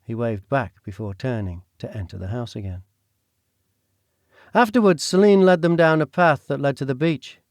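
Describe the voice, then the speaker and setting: In a dry, clean studio recording, a man with a mid-range voice reads an audiobook at normal speed. His scripted narration keeps a steady, even storytelling rhythm.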